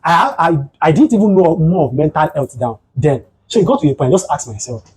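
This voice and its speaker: A man's voice: fairly high pitch, brisk, breathy edge, rough recording. A man with a Nigerian accent giving a motivational talk on mental health, telling stories and asking his listeners rhetorical questions. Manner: animated storytelling, rhetorical questions. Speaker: psychotherapist and guest speaker.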